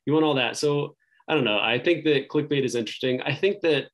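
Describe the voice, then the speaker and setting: A man talking as a podcast guest in casual interview chat, rambling and thinking aloud, filling pauses with "like" and "um" and restarting his sentences. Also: medium pitch, low-quality recording. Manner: rambling, heavy use of "like" and "um".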